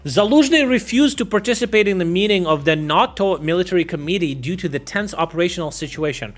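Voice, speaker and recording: A fairly high-voiced man reads war news on a live stream and riffs on it with loose, profane jokes. He stumbles over names and laughs easily, with faint music under his voice. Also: lively intonation, fairly quick. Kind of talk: casual live-stream commentary.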